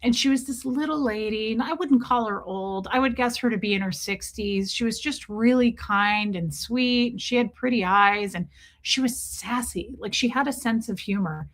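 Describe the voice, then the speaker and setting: A woman hosting a livestream, telling a story in a chatty, animated way while greeting her chat. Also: on the high side, moderate pace. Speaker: livestream host.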